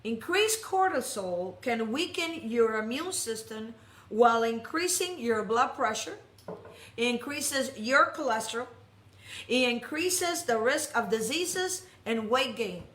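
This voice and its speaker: Female preacher with a high voice, animated and humorous storyteller, echoey worship hall. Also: takes it slowly. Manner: animated, jokey storyteller with many restarts. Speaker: speaker at a congregation. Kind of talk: storytelling sermon.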